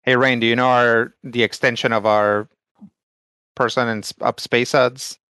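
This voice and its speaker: A man playing in a tabletop game, talking casually with halting restarts. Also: medium pitch, flat delivery, sharp tone, clean tone, dry recording. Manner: halting, restarts mid-thought. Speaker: player.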